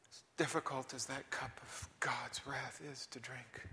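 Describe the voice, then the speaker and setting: A male preacher giving a sermon, swinging between shouted emphasis and hushed whispers. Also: medium pitch, fairly even intonation, a little slow, a little hiss or hum. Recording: reverberant hall.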